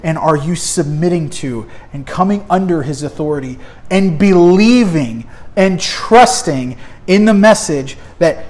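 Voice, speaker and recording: A man preaching a sermon as pastor, emphatic, asking the congregation rhetorical questions and repeating key words. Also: high-pitched.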